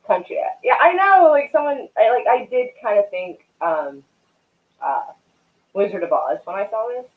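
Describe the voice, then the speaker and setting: A young woman hosts a casual live stream, rambling and swearing as she chats with her viewers. Her voice swoops up and down with lively animation. The audio is thin and tinny, like a phone line. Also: on the high side, a little slow, pauses often. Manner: rambling, chatty, swears freely, greets chat viewers. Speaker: livestream host.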